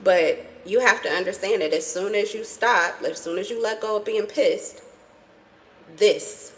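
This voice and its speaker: A woman's voice: medium pitch, a little slow, poor audio. A woman giving a casual tarot reading to her viewers, blunt and profane, with emphatic repetition. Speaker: tarot reader.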